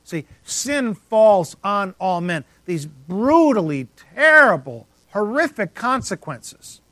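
A man preaching a sermon with emphatic swings in loudness, dropping to a near whisper on key words. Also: sits high, very animated, slow pace, no room sound. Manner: emphatic, rising and dropping to near silence for effect. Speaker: pastor.

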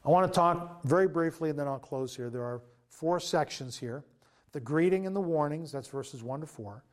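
A pastor delivers a sermon in a sincere, conversational style, his pitch fairly high. He pauses often with filler words and frequently starts his sentences over.

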